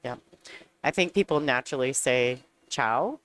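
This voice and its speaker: A woman's voice: deep voice, moderate pace, a bit bright. A woman commentating a pool match, chatty and bantering, often laughing as she talks. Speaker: sports commentator. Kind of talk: casual play-by-play commentary.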